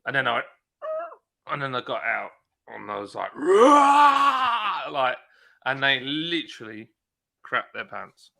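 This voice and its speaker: A man telling stories on a relaxed live stream, his voice very bright and forward. He acts out moments with sudden shouts and laughs, talking loosely and animatedly. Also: medium pitch, a little slow, gravelly, pauses often. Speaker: streamer host. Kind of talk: casual chat.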